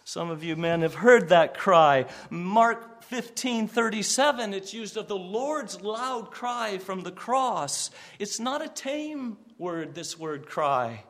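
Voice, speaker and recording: Male pastor, sermon delivery, high voice, unhurried and earnest, lifts for emphasis. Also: a bit bright. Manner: earnest preaching, repeats words, rises for quoted cries.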